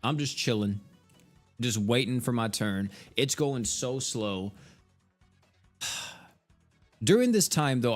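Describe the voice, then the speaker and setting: Young American male streamer, mid-pitched, venting in a loose, profane, laughing ramble over faint game music. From United States. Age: 20s. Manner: exasperated, swears freely, laughs through his stories. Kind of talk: casual storytelling chat while gaming.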